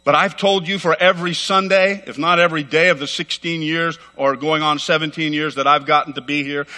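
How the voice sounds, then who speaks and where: A middle-aged pastor delivers a fervent sermon, pressing his points with quick, emphatic repetition. His voice is bright and forceful, a touch higher than most men's. It rings out with the long reverb of a church sanctuary. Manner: fervent, rapid and emphatic, repeating phrases.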